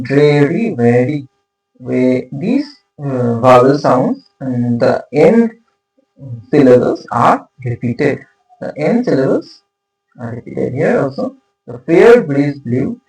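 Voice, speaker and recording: Male literature teacher, slow and gravelly, heard from a distant mic in an echoey room with faint music behind. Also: medium pitch, a little mellow. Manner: slow, halting, many fillers and restarts. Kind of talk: unscripted lecture.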